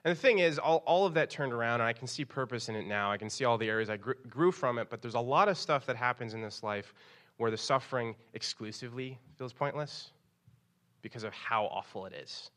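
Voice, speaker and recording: A young man preaching a sermon, reading scripture and telling a personal story, acting out quoted lines in a raised, animated voice. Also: mid-range voice, fairly quick. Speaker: pastor.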